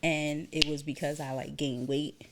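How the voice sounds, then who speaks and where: Young woman, podcast co-host, casual animated storyteller, lowish voice. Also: moderate pace, noisy background. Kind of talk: casual chat.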